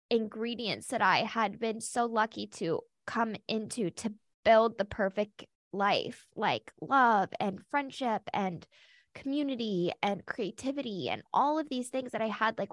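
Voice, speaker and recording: A woman's voice: a little high, dry recording, clean studio sound. A woman guest on a podcast, candidly and heartfelt telling her own story with lots of casual fillers.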